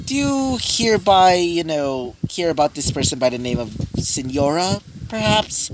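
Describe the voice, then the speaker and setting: A man's voice: on the high side, big pitch swings, normal speed. A man voicing a breezy, nonchalant young fighter. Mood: easygoing. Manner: easygoing, friendly. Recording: noisy home recording.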